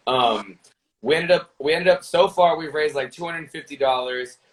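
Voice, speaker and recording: A man's voice: on the high side, normal speed, low-quality recording. Rambling young gamer guy chatting. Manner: rambling, lots of fillers and restarts. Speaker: guest, gaming streamer. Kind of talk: casual podcast chat.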